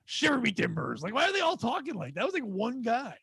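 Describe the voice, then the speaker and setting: A man's voice: very high voice, sing-song, fast talker, fairly bright tone, slightly rough, no echo. A young man co-hosting a podcast in a studio, riffing crude jokes in casual comedic banter. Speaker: podcast co-host.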